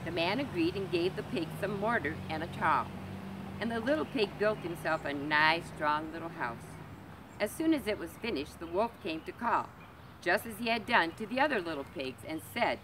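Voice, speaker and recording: A woman librarian reading a storybook aloud to children, gentle and expressive. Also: fairly low pitch, normal speed, background noise. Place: community library.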